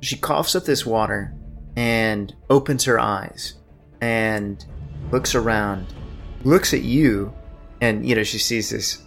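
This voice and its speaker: A man narrating as game master of a tabletop game, describing scenes in a measured way. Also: on the low side, gravelly, a bit bright, faint music behind.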